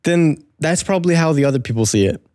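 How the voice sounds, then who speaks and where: A man's voice: on the high side, expressive, quick pace, darkish tone, dry recording, clean studio sound. A man in casual conversation who reasons his views out aloud. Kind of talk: casual chat.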